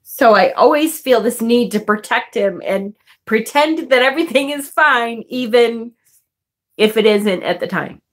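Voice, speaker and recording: A woman's voice: on the high side, lively intonation, unhurried. A woman vlogger telling a personal story in a casual, chatty way, swearing and laughing often.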